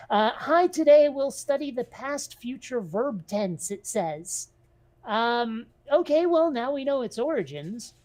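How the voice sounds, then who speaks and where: A woman co-hosting a casual chat show, wry and quick to laugh, reading aloud from a web page with offhand swearing. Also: fairly high pitch, darkish tone. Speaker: podcast co-host.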